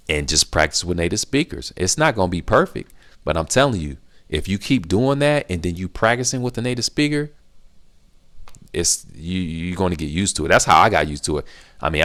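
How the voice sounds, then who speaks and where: A middle-aged man with a low voice talks straight to his viewers, answering their questions. He leans on repetition, saying key phrases again and again for emphasis. The delivery is casual and earnest, like advice given to a friend. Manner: emphatic, repetitive, animated when acting out reactions. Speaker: language-learning channel host.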